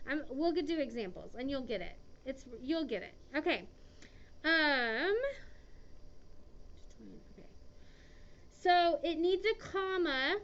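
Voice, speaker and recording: A woman's voice: high-pitched, animated, slow, pauses often. A woman teaching an English grammar lesson to a class, chatty and often checking in with "okay". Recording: dull lo-fi classroom recording.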